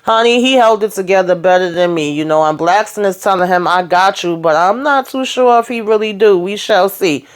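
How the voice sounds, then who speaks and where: A woman's voice: fairly low pitch, a little fast, few pauses. A woman hosting her own channel, giving a blunt, casual recap of a TV episode and talking straight to her viewers. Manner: blunt and outspoken, profane, talks straight to viewers. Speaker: TV review host.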